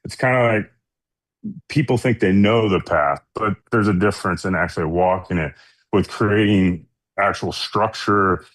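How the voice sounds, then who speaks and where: A man, a founder guest on a radio show, speaking in a relaxed conversational way. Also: sits low, moderate pace, dry recording. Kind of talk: casual interview talk.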